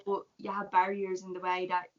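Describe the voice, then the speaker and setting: A woman's voice: fairly low pitch, monotone, brisk. A young woman with an Irish accent hosting a podcast interview, sympathetic and affirming, summing up her guest's points. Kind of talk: supportive interview chat. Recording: dull lo-fi sound.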